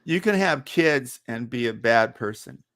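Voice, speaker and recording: A man in casual stream banter, asking deadpan, needling questions. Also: medium pitch, a little slow, no room sound, studio quality. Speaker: panel guest.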